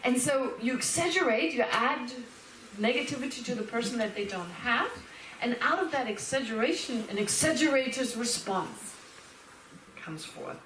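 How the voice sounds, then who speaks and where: A woman teaching Buddhist philosophy as a lecture, lively and animated, laughing and acting out little quotes as she explains. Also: fairly high pitch, normal speed, slight background noise. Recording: roomy hall, speaker far from the mic.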